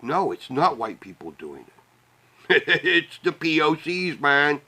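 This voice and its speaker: A man from the Midwestern United States vlogs an angry, cursing rant with bitter laughs. His slightly high voice swings widely in pitch, moving at a measured pace with frequent pauses, and his tone is bright and forceful.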